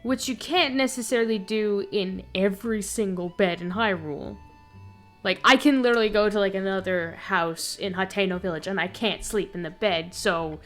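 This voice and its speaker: A young woman streaming a video game, swinging between loud excitement and low muttering as she talks. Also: normal speed, soft background music. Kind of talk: casual gameplay commentary.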